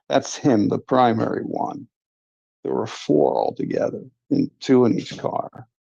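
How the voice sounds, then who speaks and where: A man's voice: mid-range voice, gravelly, mellow, husky, no echo. A man hosting a livestream, earnestly recounting a personal experience in a casual, confiding way. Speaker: livestream host. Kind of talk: casual first-person storytelling. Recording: dull lo-fi stream audio.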